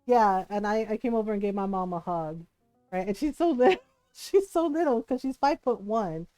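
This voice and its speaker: A woman streamer telling a story in casual chat, animated, laughing often and saying "like" and "right?" a lot. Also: medium pitch, moderate pace, clean tone, soft background music.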